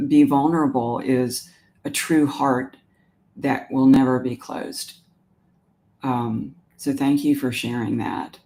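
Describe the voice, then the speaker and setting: A woman hosting a live stream as an animal communicator. She talks gently and emotionally about pet loss and answers viewer comments, often pausing and restarting her sentences. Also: very deep voice. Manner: warm, emotional, halting with many restarts.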